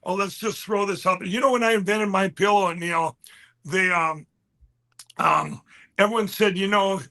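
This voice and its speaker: A man pitching his products in a casual chat, rambling with halting restarts and fillers. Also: fairly even intonation, bright, forceful tone. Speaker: guest, company founder.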